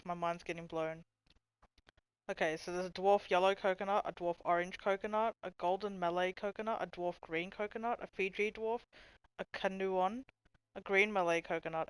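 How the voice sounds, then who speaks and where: A woman's voice: on the low side, clear, resonant tone, no room sound. A woman livestreaming, thinking aloud while searching, laughing a lot and swearing freely. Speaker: livestreamer reading chat. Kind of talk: casual livestream chat.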